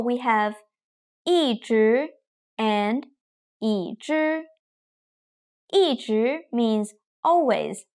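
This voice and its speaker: Young woman, slow and careful teacher, slightly higher voice, scripted lesson delivery. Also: smooth. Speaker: Mandarin teacher.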